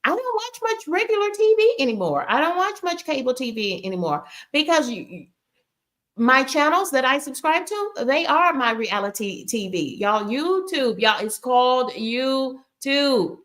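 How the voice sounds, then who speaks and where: A woman's voice: sits high, very animated, normal speed, fairly bright tone. A woman hosting a live stream, chatting casually and addressing viewers directly as y'all.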